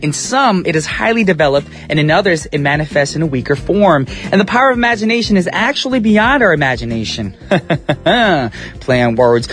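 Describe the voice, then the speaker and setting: A man's voice: high-pitched, fairly bright tone. A male radio DJ hosting his show in a studio, talking in an upbeat, chatty, slangy way. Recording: radio broadcast with faint music beds.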